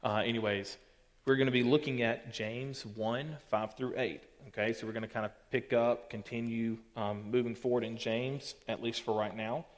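A man's voice: medium pitch, steady tone, normal speed. A man teaching a youth group Bible lesson in a casual, teasing way. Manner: casual, teasing and joking with listeners. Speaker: youth pastor. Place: church hall. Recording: long reverb of a church hall.

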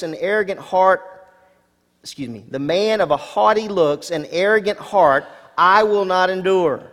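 Male pastor, slightly high voice, expressive sermon delivery with punchy emphasis and friendly asides; church hall reverb. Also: measured pace. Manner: expressive preacher, rising emphasis on key words, asides to congregation.

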